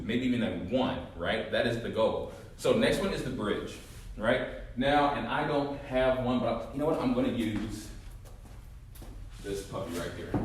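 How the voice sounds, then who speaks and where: A male fitness coach demonstrating core exercises, talking listeners through each move and often checking with a quick "right?". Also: mid-range voice, a little hiss or hum. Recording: very echoey room, mic far off.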